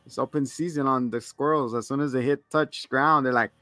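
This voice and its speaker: A man's voice: medium pitch, fairly even intonation, brisk, sharp tone, no echo. A man co-hosting a casual movie review podcast, joking around, laughing often and swearing freely. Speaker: podcast co-host.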